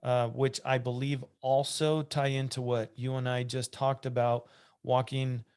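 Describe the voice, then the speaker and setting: A man's voice: mid-range voice, flat delivery, measured pace, darkish tone, clean tone. A man hosting a church podcast, reading listener questions aloud and chatting with asides. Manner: conversational, reads aloud with asides and restarts. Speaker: podcast host.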